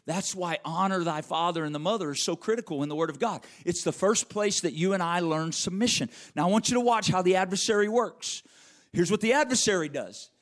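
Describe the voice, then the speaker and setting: Pastor, man, slightly high-pitched, emphatic preacher who repeats his points and calls on the congregation by name. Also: brisk, a bit bright. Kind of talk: sermon.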